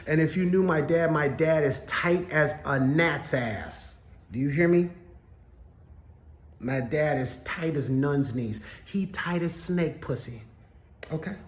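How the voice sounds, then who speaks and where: A man's voice: fairly high pitch, takes it slowly, reverberant. A man ranting blunt and profane to camera in a personal vlog. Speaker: vlogger.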